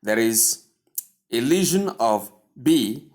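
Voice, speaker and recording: A man's voice: mid-range voice, animated, slow pace, a little mellow. A man with a Nigerian English accent teaching pronunciation in a video lesson, spelling words out letter by letter and repeating them for practice.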